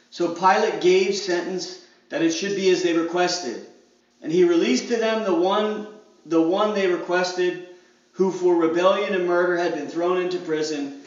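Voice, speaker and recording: A man preaching a sermon as pastor, acting out crowd voices in dramatic quotes. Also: high voice. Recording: echoey hall, distant mic, dull sound.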